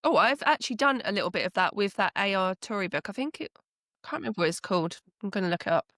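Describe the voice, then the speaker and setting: A woman from England co-hosting a podcast in casual chat, relaxed and laughing easily. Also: medium pitch, quick pace, dry recording, studio quality. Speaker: podcast co-host.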